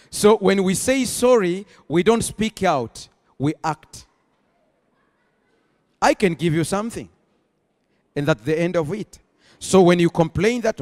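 A man preaching a sermon as pastor, rising into emphatic bursts and slowing to stress key phrases. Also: on the high side. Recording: long hall reverb.

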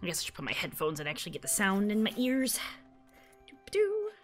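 A woman's voice: mid-range voice, animated, very fast, a bit bright, soft background music. A woman casually commenting while playing a video game, giggly and chatty, often confused. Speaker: gaming YouTuber. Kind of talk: casual let's play commentary.

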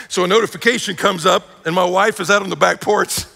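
Animated pastor in a reverberant hall. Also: male voice, high voice, quick pace, vocal fry. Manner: animated storytelling with acted-out quotes. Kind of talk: sermon. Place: church sanctuary. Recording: live church hall reverb.

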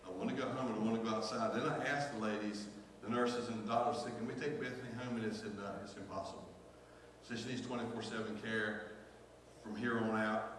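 Grieving pastor preaching in echoey church. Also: male voice, lowish voice, fairly even intonation, a little fast, fairly bright tone, a little hiss or hum. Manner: emotional, repeats phrases, calls out to the congregation. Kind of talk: sermon. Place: church sanctuary. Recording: echoey church hall from far off.

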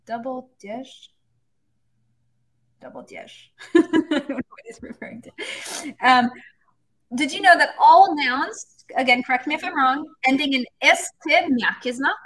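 A woman teaching a live-streamed language lesson with a bright, clear tone. She takes her time, explaining each point slowly and step by step. Her voice sits a little high and she chats casually with viewers. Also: poor audio. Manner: chatty, explains step by step, reads chat comments.

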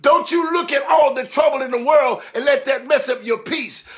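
A man preaching a sermon, swinging between emphatic shouts and hushed, low passages, calling out to his listeners. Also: moderate pace. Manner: calls out exclamations and asks the listeners for response.

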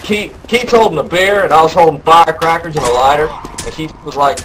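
A man voicing a rambling young Southern good-ol'-boy who drawls through a story and bursts into yelled quotes, over game voice chat. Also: on the high side, brisk, a little hiss or hum, lightly acted, low-quality recording. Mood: tall tale.

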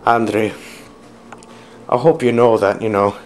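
A man's voice: fairly low pitch, steady tone, measured pace, slight background noise, lightly acted. A man playing a crude, hot-tempered fat father in an amateur comedy sketch, swinging between bellowing outbursts and mock-tender talk.

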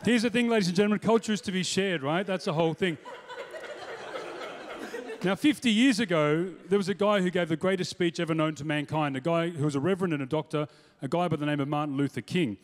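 High-pitched stand-up comic. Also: male voice, fast talker. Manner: punchy, playful, slips into mock voices and accents. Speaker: stand-up comedian. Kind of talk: stand-up comedy routine. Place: stage before a live audience. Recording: noisy hall with long reverb.

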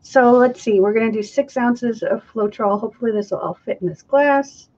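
A woman's voice: on the high side, normal speed, a little mellow. Chatty woman demonstrating crafts on a lo-fi stream. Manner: chatty, thinking aloud while stirring and counting. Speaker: acrylic pouring artist hosting a live stream. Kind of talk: casual live craft demonstration.

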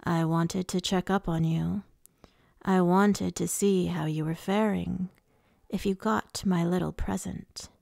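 A woman's voice: fairly low pitch, steady tone, slow pace, vocal fry, a little mellow, no echo, studio quality, heavily acted. A woman reading the lines of a suave, menacing male fae lord, with a purring, taunting delivery.

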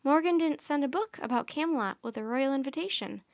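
A woman's voice: high voice, lively intonation, fairly quick, no echo, clean studio sound. A woman voicing a cautious, skeptical young boy in a children's storybook, speaking hesitantly and a little grumpily. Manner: hesitant, skeptical, a bit grumbling.

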